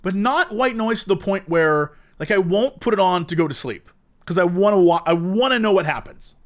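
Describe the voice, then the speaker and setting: Lively high-voiced man telling stories. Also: moderate pace. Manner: animated storytelling with mimicked voices. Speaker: podcast co-host. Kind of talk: casual chat.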